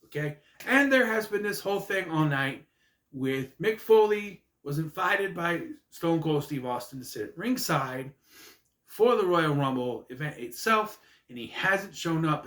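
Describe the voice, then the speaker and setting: Rambling jokey man, lively voice. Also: a little high, a little slow. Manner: rambling and jokey, with asides and restarts. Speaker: wrestling recap vlogger. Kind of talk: casual recap monologue. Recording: echoey room.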